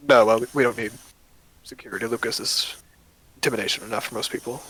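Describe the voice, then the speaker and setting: A man's voice: mid-range voice, steady tone, fast, a bit bright, breathy edge, poor audio. A man playing a male shop owner who speaks in a curt, dismissive way.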